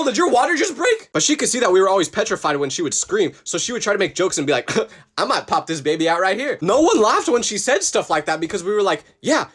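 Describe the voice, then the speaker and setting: A young man telling funny personal stories in a comedic, exaggerated way, acting out the people he quotes. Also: high-pitched. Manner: animated, exaggerated outbursts and voiced quotes. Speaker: storytelling creator. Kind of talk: comedic storytelling.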